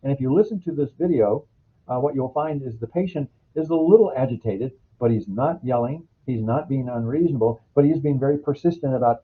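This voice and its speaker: A man from the United States giving a recorded healthcare training lecture, explaining calmly and drawing on stories from past clinical work. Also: medium pitch, a little fast, breathy edge. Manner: explanatory, uses clinical anecdotes. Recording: phone-like lo-fi recording.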